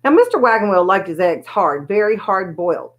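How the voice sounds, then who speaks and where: A woman's voice: mid-range voice, brisk, highs cut off. Woman reading a children's story aloud. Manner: lively, expressive storytelling. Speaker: storybook reader.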